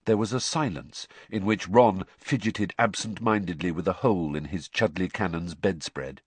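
Brief: low husky male narrator, expressive storytelling, dry studio sound. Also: normal speed, no echo. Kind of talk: audiobook narration.

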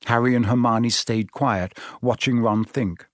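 A man narrating a children's fantasy storybook in an even, measured reading. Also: medium pitch, dry recording, studio quality. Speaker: audiobook narrator.

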